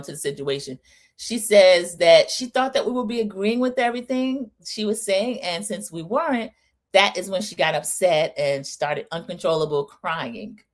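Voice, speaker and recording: Woman host, middle-aged, lowish voice, gossipy and scolding in a live recap. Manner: chatty, scolding, addresses viewers as y'all. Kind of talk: live opinion recap, casual chat.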